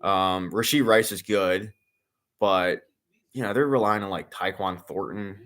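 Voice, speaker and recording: A young man with a slightly low voice chats his way through a live game stream, jumping from topic to topic. He talks like an excitable fan, full of fillers, restarts and the occasional curse. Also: a little slow. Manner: rambling, filler-heavy, excitable sports fan, swears. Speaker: streamer hosting a sports watch-along. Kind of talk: casual live commentary and chat.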